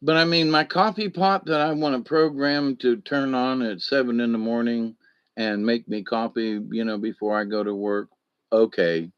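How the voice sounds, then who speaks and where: A man's voice: medium pitch, steady tone, normal speed, clean tone, dry recording, dull audio. A man hosting a casual solo live stream who rambles, swears freely, answers chat comments and acts out anecdotes with sound effects.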